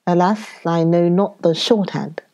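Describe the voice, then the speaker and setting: A woman reading the part of an elderly foreign male professor in an audiobook, speaking earnestly with halting, oddly worded phrasing. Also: fairly low pitch, a little mellow. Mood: grateful.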